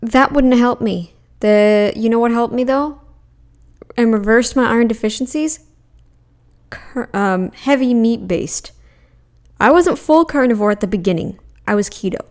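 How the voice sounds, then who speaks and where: A woman's voice: on the high side, a little slow, darkish tone. A woman hosting a reaction commentary, blunt and argumentative, often mocking the people she reacts to. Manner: puts on mocking voices when quoting others. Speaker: commentary channel host.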